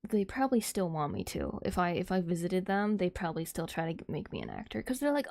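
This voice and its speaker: A woman chats casually on a livestream with her viewers, rambling from thought to thought and breaking into giggles often. Her voice has a noticeable gravelly fry. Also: lowish voice, huge pitch swings, quick pace, hardly any pauses, a little mellow. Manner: rambling, giggly, frequent laughter and restarts.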